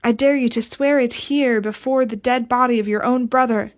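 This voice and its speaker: A woman voicing a hysterical young woman in an audiobook, strident and accusing, her voice raised and shrill. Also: fairly even intonation, moderate pace, close to an everyday voice. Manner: accusing, frantic.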